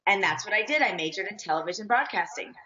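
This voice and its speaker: A woman's voice: mid-range voice, animated, quick pace, pushed and bright, a little hiss or hum. A woman in her forties, a guest in an interview, talking earnestly and chattily about her life. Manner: earnest storyteller, chatty with fillers. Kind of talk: casual interview chat. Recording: dull lo-fi sound.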